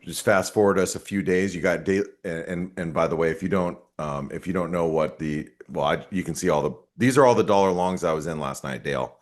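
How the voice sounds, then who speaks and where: A man's voice: low-pitched, a little fast, hardly any pauses. A man who is a trading analyst talking through charts on a live market webinar, rambling and cutting himself off, with dry sarcastic asides.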